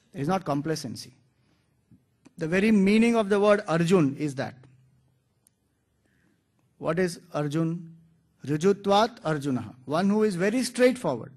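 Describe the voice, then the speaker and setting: High-voiced man giving a spiritual talk. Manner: earnest, explanatory, quotes scripture. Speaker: spiritual teacher. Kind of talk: spiritual discourse.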